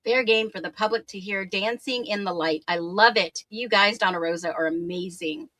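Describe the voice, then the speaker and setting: Bright, chatty woman livestreaming. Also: mid-range voice, moderate pace, no echo. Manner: upbeat, chatty, laughs often, greets viewers by name. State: slightly hoarse voice. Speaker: true crime livestream host. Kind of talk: casual livestream chat, reading viewer comments.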